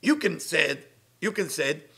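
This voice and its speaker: A middle-aged man giving an inspirational weekly sermon as a spiritual teacher, emphatic and animated, swinging between loud bursts and soft asides. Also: fairly high pitch, unhurried, vocal fry, husky.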